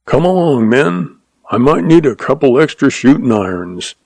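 A man voicing a slow-witted small-town sheriff who blusters, in a western audiobook. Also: mid-range voice, sing-song, a little mellow, dry recording, pitched above the performer's own voice. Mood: blustering. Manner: meek then blustering.

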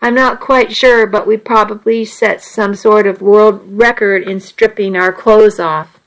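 A woman softly narrating a first-person romance story in an intimate reading voice. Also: medium pitch, fairly even intonation, measured pace, poor audio.

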